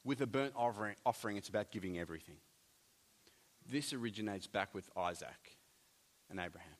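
A man preaching a sermon, animated, with jokey asides and big swings between loud and soft. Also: on the low side, a little fast. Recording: long hall reverb.

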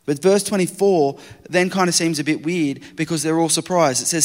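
A man preaching a sermon, swinging between loud urgent retelling and hushed quiet. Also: fairly high pitch. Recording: long hall reverb.

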